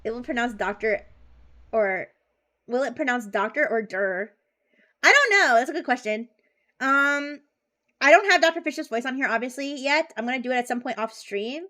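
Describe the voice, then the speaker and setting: High-voiced bubbly woman streamer. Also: moderate pace, bright, forceful tone. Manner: chatty and bubbly, with frequent giggles and restarts. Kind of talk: casual live-stream chat.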